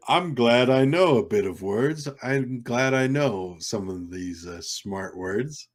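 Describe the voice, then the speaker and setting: A deep-voiced young man with a Southern drawl from South Carolina hangs out on a live stream. He keeps chuckling as he wanders from topic to topic and reads viewers' comments out loud.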